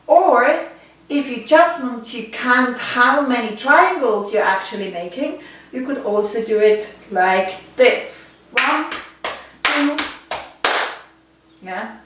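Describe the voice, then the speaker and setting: A woman with a Swiss German accent leads a body percussion lesson, speaking slowly and counting patterns aloud. Her voice sits a little high and reaches the mic from across a very reverberant room. A faint noise runs underneath. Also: a bit bright, distant mic. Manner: patient, counting rhythms aloud, checks in with listeners. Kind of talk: instructional video lesson.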